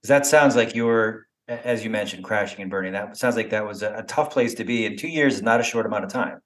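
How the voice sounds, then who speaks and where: A man's voice: fairly low pitch, fast talker, low-quality recording. A man host asking a guest conversational follow-up questions in a podcast interview.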